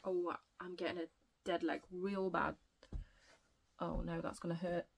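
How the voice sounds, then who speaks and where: A woman chatting excitedly on her book vlog, gushing and rambling with self-interruptions, a bit out of breath. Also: fairly low pitch, a little slow, gravelly, slight background noise. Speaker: book vlogger. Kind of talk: casual chatty book review.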